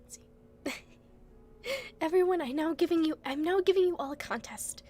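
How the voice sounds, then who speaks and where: Very high-voiced giggly woman streamer. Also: normal speed, darkish tone. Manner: giggly, laughs often. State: hiccuping. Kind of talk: casual chat.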